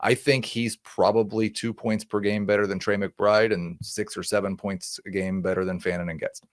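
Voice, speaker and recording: A man with a somewhat low voice lays out numbers in a steady, measured way. The recording is dry and close. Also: no echo. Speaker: fantasy football analyst. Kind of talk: casual podcast discussion.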